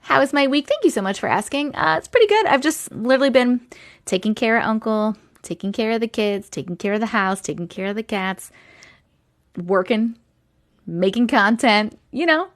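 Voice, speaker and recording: A fairly high-voiced woman in her thirties, chatting casually on a livestream from home. She greets viewers one by one with a bright, rising lilt and drifts into loose, rambling catch-up talk. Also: lively intonation, normal speed. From Long Island, New York. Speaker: TikTok live host.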